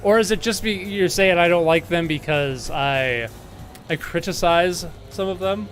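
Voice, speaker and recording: A young man streaming retro games, chatting in a rambling, animated way with lots of filler words and frequent laughs. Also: high-pitched, unhurried. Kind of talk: casual live-stream chat while playing. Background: faint game music.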